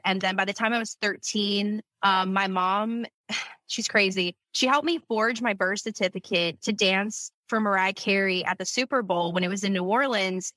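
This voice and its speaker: A woman's voice: mid-range voice, bright, forceful tone, dry recording, poor audio. A woman in her thirties from Louisiana, a guest on a podcast, telling her life story in a candid, emotional way. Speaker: podcast guest, company founder. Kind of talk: personal storytelling in an interview.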